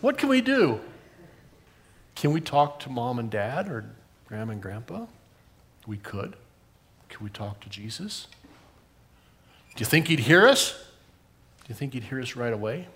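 A man's voice: medium pitch, big pitch swings, a little slow, long pauses, fairly bright tone. An older man giving a children's sermon, asking the kids questions as he tells the story. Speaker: pastor giving a children's message.

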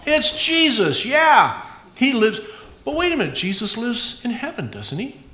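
A pastor giving a playful, animated children's sermon in a church. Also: mid-range voice, measured pace, roomy sound.

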